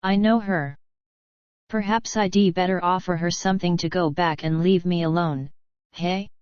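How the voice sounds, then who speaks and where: A woman voicing a shifty, nervous male bushman who talks in slow, colloquial bush speech. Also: fairly low pitch, steady tone, darkish tone, clean tone, no room sound, lo-fi sound, lightly acted. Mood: suspicious.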